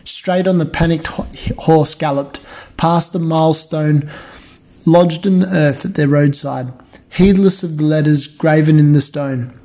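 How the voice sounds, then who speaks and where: A man reads a children's storybook aloud at a steady, measured pace and trips over the odd word. His voice sits somewhat high for a man, yet the tone is dark and mellow. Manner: steady, measured, with occasional stumbles. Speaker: reader. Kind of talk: reading a children's novel aloud.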